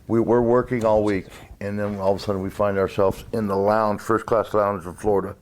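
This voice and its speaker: A man's voice: lowish voice, little pitch movement, fairly quick, a little mellow, soft background music. A man telling an old road story in a casual interview, hesitant, with many fillers and restarts. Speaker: former wrestler.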